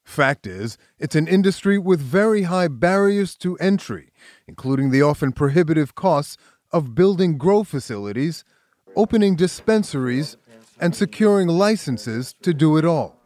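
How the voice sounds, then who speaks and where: News host voice-over: man, slightly high voice, measured and even, dry close recording. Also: dry recording. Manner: measured, even reporter delivery. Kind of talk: scripted news narration.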